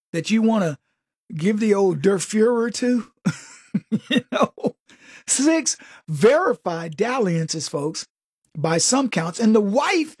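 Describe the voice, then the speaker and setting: Sarcastic male commentator with a husky voice. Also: sits high, a little mellow, dry recording, studio quality. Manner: sarcastic, mocking, conversational. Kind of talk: political commentary monologue.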